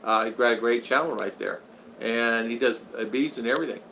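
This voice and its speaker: A man's voice: medium pitch, a little fast, sharp tone, a little hiss or hum, rough recording. A man in his sixties hosting a casual livestream, reading viewer comments aloud in a rambling, folksy, joking way. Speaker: channel host.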